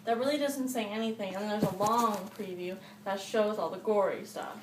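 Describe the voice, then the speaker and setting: A woman's voice: medium pitch, fairly quick, slight background noise, rough recording. A woman, the vlogger's mother, cutting in from off camera with dry, teasing remarks.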